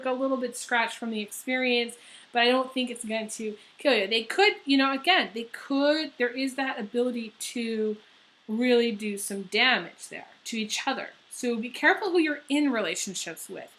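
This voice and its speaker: A woman's voice: on the high side, expressive, moderate pace, a bit bright. A woman giving a casual, rambling tarot horoscope reading, full of fillers and the odd swear word. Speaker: tarot reader.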